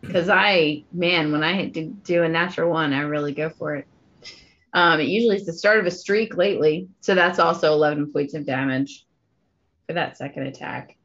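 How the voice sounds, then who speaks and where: A woman's voice: low voice, moderate pace, a bit bright. A woman playing a tabletop game, chatting casually and reading out her dice rolls. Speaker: player. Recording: dull lo-fi sound.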